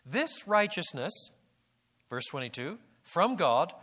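A man's voice: a little high, big pitch swings, normal speed, fairly bright tone. A man giving an expository Bible lecture, repeating and restarting words and rising to emphatic peaks. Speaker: Bible teacher.

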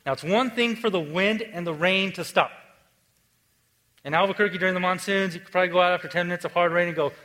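A man preaching a sermon in a casual, conversational way, moving between lively emphasis and quiet, hushed stretches. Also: sits high, fast talker, low-quality recording. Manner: conversational, swings from energetic to hushed. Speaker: pastor.

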